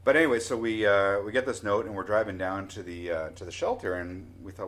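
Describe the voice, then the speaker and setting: A Canadian man in his forties tells a casual story with a somewhat low voice. He is animated and unpolished, trips over restarts and drops his voice on asides. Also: a little fast, few pauses. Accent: Canadian English. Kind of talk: casual spoken anecdote.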